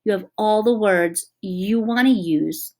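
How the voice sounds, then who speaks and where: Gentle woman teaching young kids. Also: mid-range voice. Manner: gentle, slow and encouraging, sounding out words. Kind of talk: online lesson for young children.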